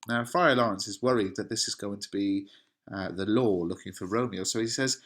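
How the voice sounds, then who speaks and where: A man's voice: fairly low pitch, fairly quick, a bit bright. A man, an English teacher, paraphrasing a play line by line in a casual way. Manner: plain paraphrasing, casual fillers.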